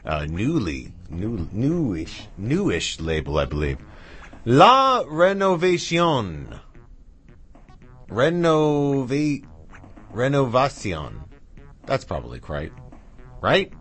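A man's voice: medium pitch, huge pitch swings, slow pace, pauses often, fairly bright tone, husky. A man hosting a radio music show, back-announcing tracks in a chatty, rambling, self-mocking way with asides to his dog. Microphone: studio mic with headphones.

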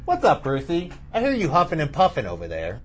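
A man's voice: a little high, wildly swooping pitch, brisk, faint music behind. A man hosting a radio show, chatting casually and playfully between songs, rambling and talking to his dog in the studio. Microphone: studio mic with echo effect.

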